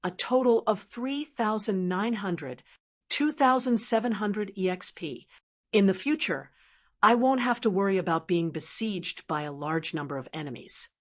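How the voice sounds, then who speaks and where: A young male mage, wry and quick to excitement, who mutters to himself, as a synthetic female narrator reads him. This is a fantasy audiobook. The voice has a plain middle pitch. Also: natural voice.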